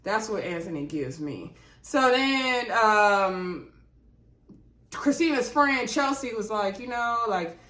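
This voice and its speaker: A woman recaps a reality show in a chatty, outspoken way, talking straight to her viewers. Her voice sits at a middle pitch. The room around her gives the sound a noticeable echo. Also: expressive, takes it slowly, fairly bright tone. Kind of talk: casual episode review vlog. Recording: roomy echo.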